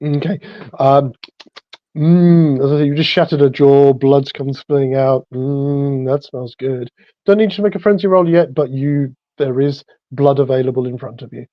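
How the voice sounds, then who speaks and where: A man narrating as the storyteller of a tabletop game, relaxed and full of fillers. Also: mid-range voice, normal speed, no room sound. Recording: dull lo-fi sound.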